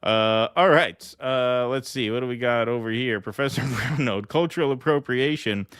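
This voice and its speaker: A man's voice: mid-range voice, moderate pace, a bit bright, smooth, dry recording, clean studio sound. Joking man co-hosting a podcast. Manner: laughs often, loose and joking. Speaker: podcast co-host. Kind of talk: casual political commentary.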